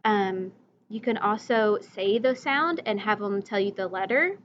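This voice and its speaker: In this recorded lesson for young kids and their parents, a female teacher carefully and slowly demonstrates letter sounds and vocabulary words. The audio has its high frequencies cut off and a slight hiss or hum, and her voice is mid-range.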